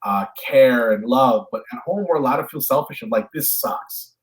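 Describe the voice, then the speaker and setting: A man in his thirties from Canada, chatting as a guest in a casual interview, telling lively stories and restarting his sentences often. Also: medium pitch, fairly quick, poor audio. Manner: animated storyteller, acts out voices in anecdotes; stammering restarts when thinking aloud. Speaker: actor and guest.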